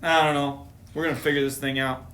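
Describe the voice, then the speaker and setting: High-voiced man reading a storybook. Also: level tone, brisk, fairly bright tone. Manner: playful, chatty asides to viewers. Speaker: storytime reader. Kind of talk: reading a picture book aloud on a live stream.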